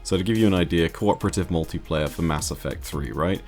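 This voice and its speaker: A man laying out gaming news in a clear, orderly, measured way during a casual discussion. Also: sits low, a little mellow, faint music behind. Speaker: guest commentator on a gaming discussion. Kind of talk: casual chat.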